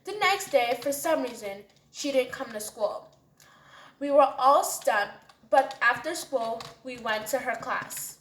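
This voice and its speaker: High-voiced woman telling a story. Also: lively intonation, slow, a bit bright. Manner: chatty, casual. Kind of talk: storytime narration. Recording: roomy echo.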